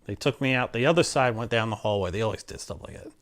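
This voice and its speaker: Man from Maryland, mid-pitched, plainspoken storyteller who rambles and acts out old conversations. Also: fast. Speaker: interviewee. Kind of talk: casual personal storytelling.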